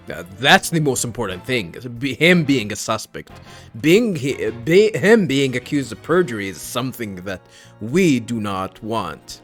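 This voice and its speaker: A man chatting casually over gameplay, amused and rambling, often restarting mid-sentence. He talks slowly, and his pitch bounces around. Faint music plays underneath. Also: animated, a bit bright. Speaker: let's play host.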